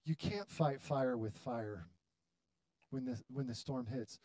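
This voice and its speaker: A man in his thirties preaching a sermon to his church, building to loud, dramatic appeals with long pauses. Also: mid-range voice, no echo. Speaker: pastor. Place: church hall.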